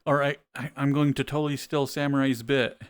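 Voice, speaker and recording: A man chatting casually on a live stream, playful and relaxed, laughing often. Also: medium pitch, brisk, clean tone. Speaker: VRChat streamer.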